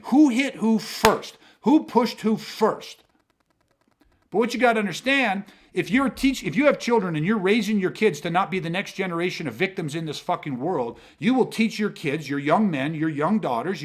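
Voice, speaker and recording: Blunt, swearing man, high voice. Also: fairly bright tone. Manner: blunt, heavy swearing, emphatic. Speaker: self-defense coach and podcast host. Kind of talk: casual podcast monologue.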